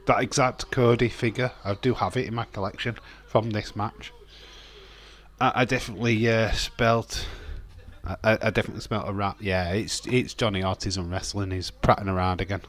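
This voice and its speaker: This is casual live-stream talk from a young man hosting a wrestling watch-along. His fairly low voice has a fairly bright tone, fairly even intonation, and a normal pace as he rambles chattily, swearing, laughing, and reading chat aloud.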